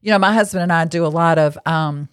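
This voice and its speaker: Her low-pitched voice moves at a quick pace, with a clean tone and no echo in the clean studio sound. A podcast host and lay marriage counselor, she is seated at an indoor table leading a casual Christian teaching talk, speaking frankly, getting to the point, and adding chatty asides.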